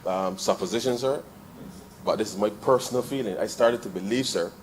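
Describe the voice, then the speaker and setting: A man with a Barbadian accent giving a parliamentary debate speech in the chamber, calling the chair "sir" almost every phrase and repeating lines as he builds to forceful points. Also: lowish voice, brisk, slight background noise. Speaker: member of parliament.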